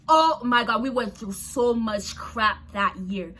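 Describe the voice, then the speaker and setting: A young woman from a Haitian family, chatty and animated, telling a personal story in a casual vlog. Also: a little high, slow, few pauses, over music. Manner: chatty, animated, lots of "like" and asides to viewers. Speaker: storyteller vlogger.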